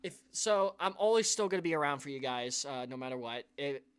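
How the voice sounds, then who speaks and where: This is a man with a voice a touch higher than most, hosting a live stream for his viewers. He talks in an earnest, rambling way, restarting sentences and sighing. An emotional weight runs through his talk. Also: lively intonation, a little fast, clean tone. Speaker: YouTube channel host.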